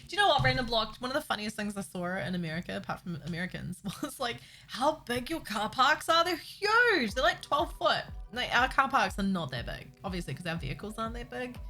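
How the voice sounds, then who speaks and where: A woman's voice: on the high side, very animated, fast, hardly any pauses, pushed and bright, faint music behind. A woman, chatting casually with her stream audience while building, giggling and talking to herself. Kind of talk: casual chat while building a game map.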